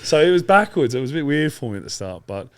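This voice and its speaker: An Australian man in his thirties, chatting as a podcast guest in a relaxed, rambling way with frequent laughs. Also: a little high, fast talker, crowd noise. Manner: laid-back, rambling, laughs often. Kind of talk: casual interview chat.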